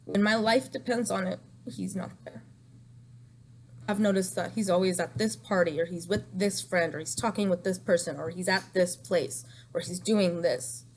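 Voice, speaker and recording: A woman's voice: lowish voice, steady tone, normal speed, a little mellow, a little hiss or hum. A young woman telling an emotional storytime vlog, distraught and rambling, repeating herself and crying at times.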